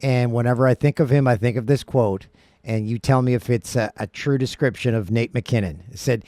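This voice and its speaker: A man's voice: medium pitch, a little fast, mellow, no echo, clean studio sound. A man hosting a casual hockey talk show, trading playful jokes and banter with his co-host. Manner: playful, joking, banter-driven. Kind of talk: casual sports podcast talk.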